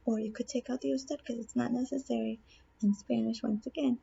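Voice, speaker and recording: A woman's voice: a little high, steady tone, fairly quick, vocal fry, dark tone, dull audio, a little hiss or hum. A woman teaching a Spanish grammar lesson on video, patiently asking questions and answering them herself. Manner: patient, asks and answers her own questions.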